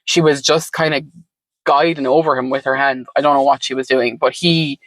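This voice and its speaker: A woman's voice: a bass voice, fairly even intonation, normal speed, no room sound, poor audio. Reflective woman with dry sound. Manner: reflective, meandering, frequent "like" and "um" fillers. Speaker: podcast guest. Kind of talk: conversational storytelling.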